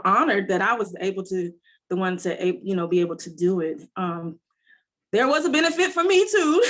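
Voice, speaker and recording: A woman entrepreneur telling a heartfelt story in an interview, rambling with many fillers. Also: fairly low pitch. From United States. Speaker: entrepreneur guest. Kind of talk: emotional conversational interview.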